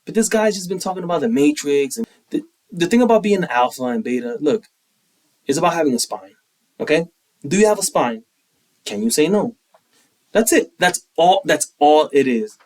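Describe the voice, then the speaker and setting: A young man co-hosting a podcast in casual, opinionated chat, animated and quick to act out quotes. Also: a little high, far from the mic, poor audio. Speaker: podcast co-host.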